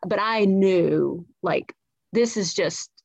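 A woman's voice: fairly low pitch, slow, creaky, slightly rough, no echo. A woman from South Carolina with a light Southern accent tells stories as a comedian guest on a podcast. She talks casually, swears freely and uses lots of "like" and restarts.

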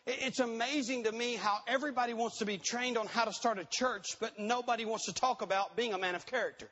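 A man's voice: sits high, fairly bright tone. A man preaching a sermon at a conference, reading scripture aloud and repeating key words for emphasis. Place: church conference hall. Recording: dull recording in a reverberant hall.

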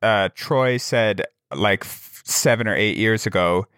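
Podcast co-host, man, low register, chatty storyteller with lots of fillers. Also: slow, a bit bright, clean tone, no echo, studio quality. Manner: rambling storyteller, many fillers. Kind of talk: casual chat.

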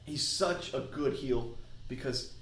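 A man's voice: medium pitch, takes it slowly, fairly bright tone. A man co-hosting a casual chat, rambling and often restarting his sentences. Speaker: podcast co-host. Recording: roomy echo with faint ambience.

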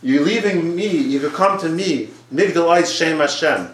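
A man's voice: sits high, big pitch swings, fairly quick, fairly bright tone, pitched above the performer's own voice. A divine father, as a preacher puts him on, pleads in a raised, urgent voice for his children to return. The delivery is earnest and insistent. A roomy echo hangs around it. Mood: pleading.

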